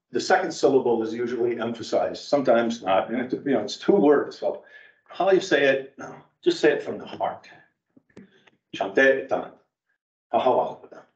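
A man giving a rambling, digressive talk as a guest speaker at an adult education class. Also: medium pitch. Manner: rambling, digressive, animated storyteller. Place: church meeting room. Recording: roomy, distant, dull church hall recording.

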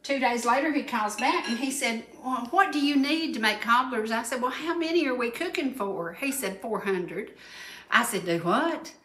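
A Southern woman in her sixties hosts a cooking segment on a studio kitchen set, talking in a chatty, homespun way. She leans on repetition to make her point, and her voice sits a touch high. The studio adds a noticeable echo. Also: lively intonation, moderate pace, few pauses, fairly bright tone. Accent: Southern American. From Georgia, USA. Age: 60s. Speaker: cooking show host. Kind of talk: folksy cooking demonstration.

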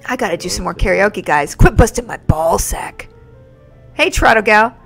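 A woman streaming a video game live, reacting excitably with yelps and exclamations. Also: medium pitch, moderate pace, gravelly, husky. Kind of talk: live gameplay commentary. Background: faint game music.

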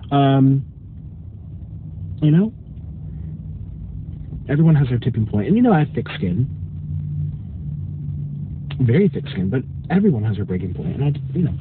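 A man's voice: mid-range voice, sing-song, measured pace, long pauses, phone-quality sound, slight background noise. A man chatting in a campy, mock-haughty way while vlogging from his parked car, recorded on a phone. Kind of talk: casual car vlog. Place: parked car in a drive-thru line. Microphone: phone camera.

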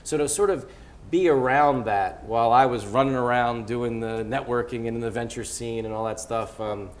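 A man, a venture capitalist guest on stage, speaking in an animated, rambling way full of fillers and restarts. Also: medium pitch, moderate pace, a little hiss or hum. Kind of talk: onstage interview. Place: event hall before a live audience.

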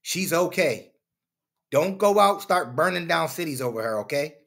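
Lecturing man with a bright, high voice. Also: lively intonation, normal speed, gravelly, a little hiss or hum. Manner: lecturing, preachy, repetitive. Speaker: commentary channel host. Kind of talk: opinion commentary over footage.

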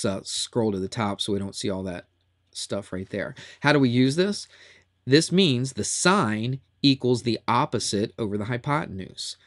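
A man's voice: lowish voice, no room sound, clean studio sound. A man teaching a recorded math lesson in a chatty, upbeat way that often repeats itself.

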